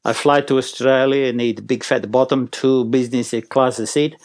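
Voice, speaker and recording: A man's voice: mid-range voice, fairly even intonation, normal speed, no room sound, studio quality, lightly acted. Man doing a grumpy Italian tenor. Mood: grumbling. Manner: broken English, complaining. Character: grumpy Italian opera tenor, male, self-pitying.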